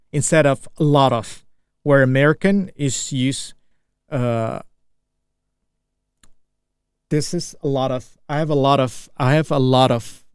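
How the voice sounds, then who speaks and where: A man's voice: mid-range voice, a little mellow, smooth, no room sound, studio quality. A young Indonesian man with an Indonesian accent, English not his first language, speaking unscripted practice talk full of restarts and fillers as he searches for words. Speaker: English learner.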